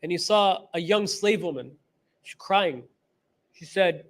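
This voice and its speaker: A man with a high-pitched voice teaches a class as a religious instructor. He drives his points home by repeating key phrases. He acts out the stories he tells with quoted back-and-forth. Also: unhurried, pauses often. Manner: retells stories with quoted dialogue. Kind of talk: class lecture.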